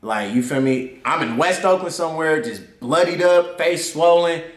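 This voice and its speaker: A young man tells a personal story with animation and casual slang, leaning on "I'm like" to replay the scene. His fairly high voice has lively intonation and moves at normal speed, and the recording has a roomy echo.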